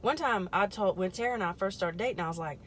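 Talking fast in an ordinary mid-range pitch, a woman hosts a casual product-testing live stream from her car in a store parking lot. She drifts into jokey, rambling tangents for her viewers and drops to half-whispered muttering while working something into place, with a faint hum beneath.

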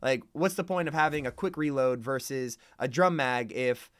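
Excitable, bright-voiced male gaming streamer. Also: medium pitch, normal speed, clean tone, no echo, studio quality. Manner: excitable, chatty, addresses chat. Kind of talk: live reaction commentary.

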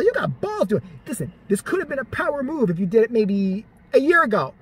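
Brief: sarcastic ranting vlogger, husky tone, swooping lively delivery. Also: mid-range voice, brisk, few pauses. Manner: profane, sarcastic, exasperated. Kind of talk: ranting commentary.

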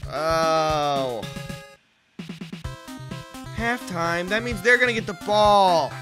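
A man giving casual, rambling commentary while playing a football video game, swearing and yelling at the screen. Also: a little high, animated, slow, long pauses, music in the background. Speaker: let's play host.

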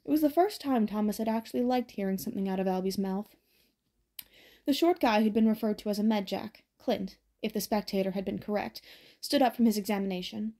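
A woman narrates an audiobook with a steady, even storytelling delivery. Her voice is medium in pitch and her pace fairly quick.

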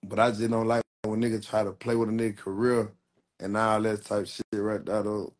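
A man's voice: fairly low pitch, level tone, a little fast. A man in his twenties talking casually on a livestream, rambling and repeating himself in heavy street slang. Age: 20s. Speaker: rapper.

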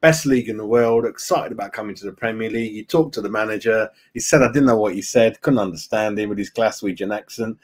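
A man's voice: on the low side, quick pace, hardly any pauses. A man hosting a casual fan live stream, chatting loosely, greeting viewers by name and saying "mate" a lot. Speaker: fan channel host.

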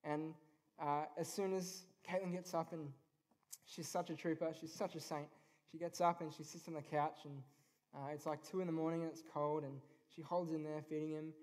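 A man in his twenties or thirties speaks at a youth event, sharing his faith in an earnest, unpolished way. He fills pauses with ums as he goes. His voice sits a little higher than most men's. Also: level tone, a little mellow. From Australia. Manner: earnest, informal, with many ums. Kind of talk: personal faith talk. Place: event venue.

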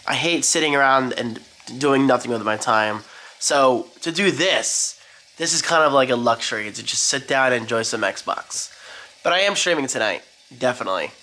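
Man, casual vlog chat, bright tone, chatty and rambling, faint background noise. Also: medium pitch, lively intonation, normal speed. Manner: rambling, self-deprecating, chatty. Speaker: vlogger.

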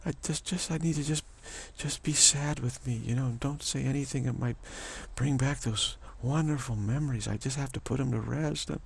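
A man voicing a whiny, grieving woman who pleads in a wailing, halting way. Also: medium pitch, gravelly, slightly rough, pitched above the performer's own voice. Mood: wailing mock grief. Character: whiny grieving woman mourning a lost spirit.

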